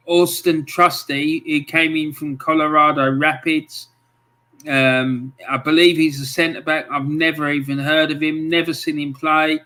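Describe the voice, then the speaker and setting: A man's voice: fairly high pitch, sharp tone. A man hosting a casual livestream, chatting in a friendly way and greeting viewers with lots of ums. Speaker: livestream host. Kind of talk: casual livestream chat, reading out viewer comments.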